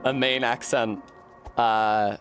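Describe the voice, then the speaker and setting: A young adult man from Rhode Island who rambles as he streams a game, swearing freely and laughing often. His voice sits at a middling pitch. Clear game music plays behind him. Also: steady tone, slow pace, fairly bright tone. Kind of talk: casual chat while gaming.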